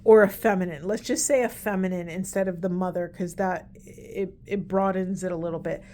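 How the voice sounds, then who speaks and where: A woman giving an earnest, meandering spiritual card reading, speaking gently and getting emotional at times. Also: on the low side, steady tone, brisk, a little hiss or hum. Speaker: tarot and oracle card reader.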